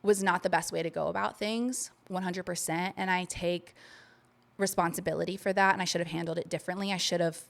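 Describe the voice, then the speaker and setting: A woman's voice: fairly low pitch, steady tone, a little fast, creaky. A woman co-hosting a podcast, telling a long personal story in casual chat and swearing freely. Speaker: podcast co-host.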